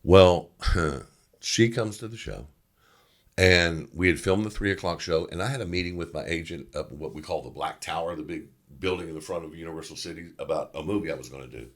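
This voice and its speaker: A middle-aged Louisiana man with a very low voice, appearing as a guest actor in an interview, tells a story a little fast. He's animated and loose, sprinkling in plenty of casual fillers.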